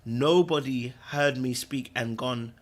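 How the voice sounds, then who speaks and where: A man's voice: medium pitch, slow. A man from Britain, chatting casually as a podcast host in a loose, rambling way full of slang. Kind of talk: casual livestream chat.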